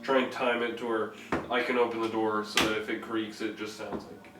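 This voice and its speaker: A man's voice: fairly low pitch, little pitch movement, brisk. A man playing in a tabletop game who talks hesitantly and stumbles over his words, recorded from a distance in an echoey room with music behind. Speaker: tabletop player.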